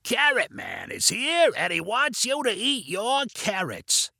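A man voicing Carrot Man, a goofy male character with an exaggerated raspy growl, drawn out slowly in a weird sing-song way. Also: high-pitched, wildly swooping pitch, sharp tone, no echo, clean studio sound, pitched above the performer's own voice, heavily acted.

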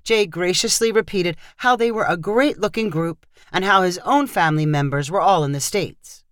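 Steady story narrator, scripted reading, middle pitch, dry close sound. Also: normal speed, dry recording.

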